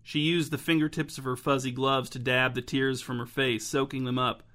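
A man narrating a story in a steady, measured audiobook style. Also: medium pitch.

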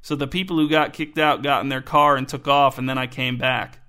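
A man's voice: mid-range voice, fairly even intonation, a little fast, sharp tone, natural voice. A man reading the part of a hesitant young person recounting events in a rambling, unsure way in an audiobook.

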